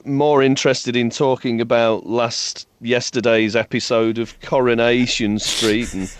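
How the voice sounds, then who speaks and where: A man's voice: medium pitch, little pitch movement, measured pace, smooth, dry recording. A male singer, a guest in an interview, talking casually with a self-deprecating manner and frequent restarts.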